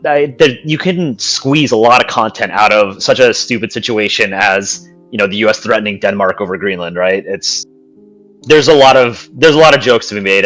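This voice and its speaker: A man's voice: lowish voice, fairly bright tone, low-quality recording. A man co-hosting a podcast in casual chat, rambling easily from point to point. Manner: rambling, easygoing, "you know" fillers. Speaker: podcast co-host. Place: podcast studio.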